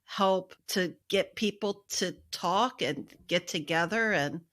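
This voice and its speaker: A woman's voice: fairly low pitch, slow. An American woman co-hosting a podcast, who speaks in an effusive, grateful way. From United States. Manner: effusive, warm thanks. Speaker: podcast co-host. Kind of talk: casual chat.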